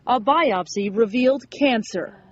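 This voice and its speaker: Higher-pitched woman news reporter. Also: a little slow, dull audio, slight background noise. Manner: steady, clear delivery.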